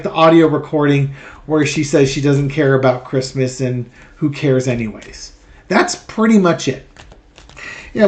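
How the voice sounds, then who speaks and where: A man chats to his viewers as the host of a tarot channel, at an ordinary pitch for a man. He talks loosely, laughs often and catches his own slips with quick asides. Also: darkish tone. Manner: chatty, laughs often, self-correcting asides. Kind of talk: casual chat.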